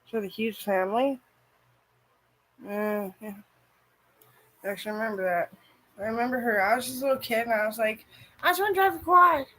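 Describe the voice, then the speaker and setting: A woman's voice: mid-range voice, fairly even intonation, fairly quick, pauses often, poor audio. A woman vlogger chatting casually and rambling, swearing freely and filling her talk with "like". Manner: rambling, profane, frequent "like".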